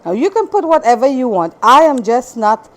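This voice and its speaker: A woman's voice: high voice, big pitch swings, moderate pace. A woman from Trinidad with a Trinidadian accent, hosting a casual cooking demonstration in a home kitchen. She chats as she works and repeats phrases, with a slightly irritated throat that makes her cough now and then. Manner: chatty, repeats phrases, talks while working. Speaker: cooking channel host.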